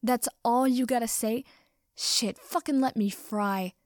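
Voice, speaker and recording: A woman reading a story aloud and voicing a foul-mouthed, hot-tempered young man who speaks loudly and snappishly. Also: a little high, unhurried, no echo, clean studio sound, close to an everyday voice. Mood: brash. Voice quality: loud and snappish, swearing.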